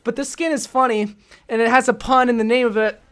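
A young adult woman, a gaming YouTuber, giving casual video game commentary in an excitable, jokey way with self-mocking asides. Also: a little high, brisk.

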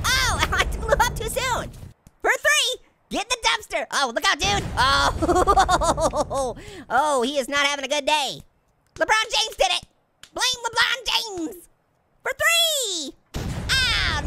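A gaming let's-play host voices a hyper, giggly cartoon orange, a gleeful prankster fruit who jokes nonstop while excitedly commentating a video game. The very high, gravelly voice is exaggerated and goofy, with heavy background noise.

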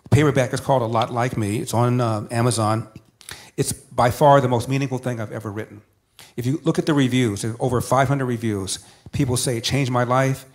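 Man, interview guest, personal storytelling, emphatic, stacks repeated phrases, middle pitch. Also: steady tone, brisk. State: emotional, near tears.

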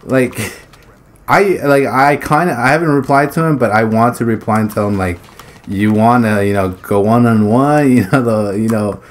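A man's voice: medium pitch, moderate pace. Guy rambling over his gameplay, swears a lot, laughs between bits, blurts stuff out mid-match. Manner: blurts exclamations during play. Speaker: gaming YouTuber. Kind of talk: casual commentary over gameplay.

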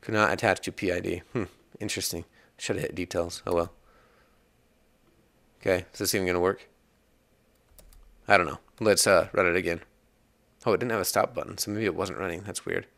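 A man's voice: deep voice, fairly even intonation, a little fast, gravelly, pauses often, a bit bright, dry recording. A man hosting a casual coding tutorial, chatting and rambling as he works, laughing at bugs along the way. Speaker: iOS developer tutorial host.

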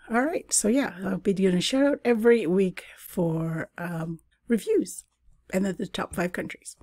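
A woman's voice: lowish voice, gravelly, darkish tone, dry recording, clean studio sound. A woman from Canada hosting her own travel podcast, talking in a chatty, casual way with frequent laughs and asides. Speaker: podcast host. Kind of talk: casual solo podcast chat.

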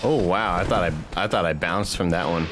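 A man streaming a video game, reacting loudly to the action, swearing and laughing as he plays. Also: low-pitched, moderate pace, loud music behind the voice. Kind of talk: casual gameplay commentary.

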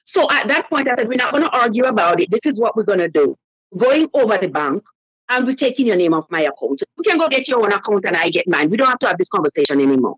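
A woman's voice: a little high, fast, breathy edge, no room sound, rough recording. A woman telling a personal story on a call-in show, animatedly acting out the voices of the people in it. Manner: animated storyteller who acts out quoted voices. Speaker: caller.

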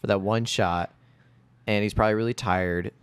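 A man's voice: fairly low pitch, fairly even intonation, moderate pace, clean tone, no room sound. A man hosting a casual movie podcast, joking around, swearing freely and laughing. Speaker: podcast host. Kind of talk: casual movie-discussion chat.

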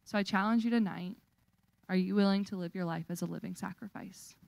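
A woman's voice: medium pitch, steady tone, a little fast, creaky, darkish tone, no room sound, poor audio. A young woman missionary speaking earnestly to a church congregation, asking for prayer and support. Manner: earnest, appealing. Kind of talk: testimony appeal at church.

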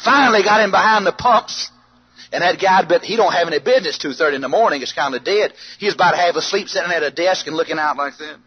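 A man preaching a storytelling sermon, animated, bursting into shouts and yells as he tells it. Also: high voice, quick pace, breathy edge. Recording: dull lo-fi archive sermon tape with faint hiss.

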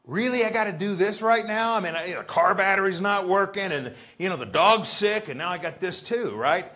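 Animated pastor preaching. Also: male voice, fairly high pitch. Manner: animated, asks the congregation rhetorical questions; acts out pleading prayers in a raised voice. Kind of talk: sermon. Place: church.

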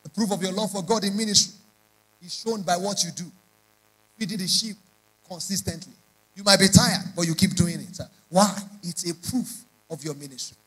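High husky preacher. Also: male voice, normal speed, a bit bright, low-quality recording. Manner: emphatic preacher, repeats lines in rising prayer chants. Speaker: pastor. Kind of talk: sermon.

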